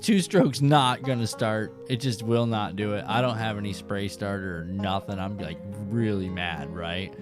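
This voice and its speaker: A man hosting a fishing show, telling a rambling, animated story straight to his viewers. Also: lowish voice, a little slow, hardly any pauses, music in the background.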